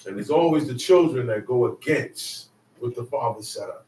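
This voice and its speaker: A man preaching a sermon in a casual, conversational way, now and then rising to shouts for emphasis. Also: medium pitch, expressive, normal speed. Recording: roomy, mic at a distance.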